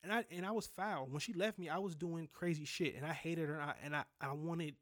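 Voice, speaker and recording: A man's voice: fairly high pitch, a little fast. A young man candidly telling a personal story in a blunt, profane way, full of restarts. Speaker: podcast host.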